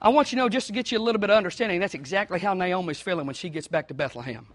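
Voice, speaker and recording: A man preaching a sermon, telling a story and swinging between hushed asides and shouted lines. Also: sits high, rapid-fire. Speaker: pastor.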